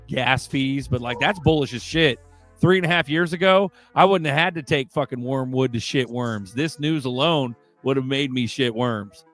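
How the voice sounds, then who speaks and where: Excitable, swearing man in casual chat. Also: medium pitch. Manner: profane, excitable slang. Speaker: co-host.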